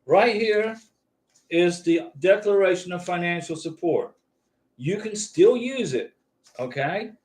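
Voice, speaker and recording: A man's voice: high-pitched, lively intonation, slow pace, a little mellow. A man hosting a live-stream visa advice chat from a home studio, answering viewers in a casual, reassuring way and often checking in with "okay?". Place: home YouTube studio with lights.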